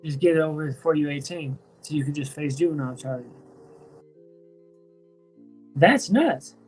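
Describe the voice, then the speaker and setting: A man chatting casually on a home live stream, loose and profane, full of slang and restarts, high from smoking weed. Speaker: streamer talking to chat. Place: at home, indoors.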